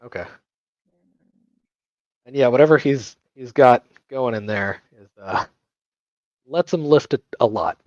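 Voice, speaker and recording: A man's voice: mid-range voice, expressive, measured pace, long pauses, a little mellow, no echo. Wry male player, dull dry mic. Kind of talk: tabletop game play.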